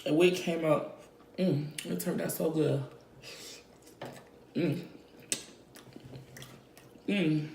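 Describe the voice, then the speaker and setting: A woman's voice: low voice, fairly even intonation, extremely slow, creaky, pauses often, a little mellow. A woman vlogger eating on camera, savoring each bite aloud with frequent hums and thanking her viewers. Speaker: mukbang vlogger. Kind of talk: mukbang eating talk. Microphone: close mic picking up eating sounds. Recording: echoey room, faint noise.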